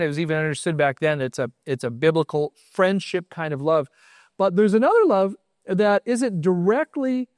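A man's voice: fairly high pitch, no room sound, clean studio sound. Upbeat American man preaching a sermon. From United States. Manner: conversational, storytelling preacher, emphatic affirmations. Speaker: congregation leader.

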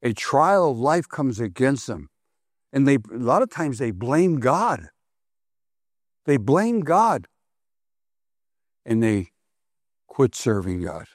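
A man's voice: medium pitch, sing-song, takes it slowly, pauses often, dry recording, studio quality. A man preaching a sermon to his congregation, repeating phrases for emphasis and putting questions to the listeners. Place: congregation hall.

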